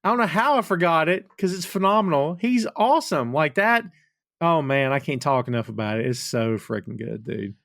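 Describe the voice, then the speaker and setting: Enthusiastic podcast host, higher-voiced man. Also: lively intonation, fairly quick, gravelly, fairly bright tone, no echo, studio quality. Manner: enthusiastic, laughs often, says "dude". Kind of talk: casual film review chat.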